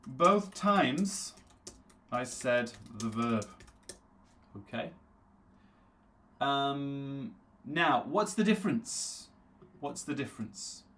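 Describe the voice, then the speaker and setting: A man teaching a live interactive English lesson. He repeats words slowly to drill their pronunciation and answers viewers' chat comments by name. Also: mid-range voice, expressive, a bit bright. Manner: reads viewer names aloud from the chat and answers them.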